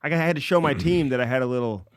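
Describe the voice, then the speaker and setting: A man's voice: mid-range voice, quick pace, clean tone, no echo, clean studio sound. Teasing, joking podcast co-host man. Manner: joking, teasing banter, laughs easily. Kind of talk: casual chat.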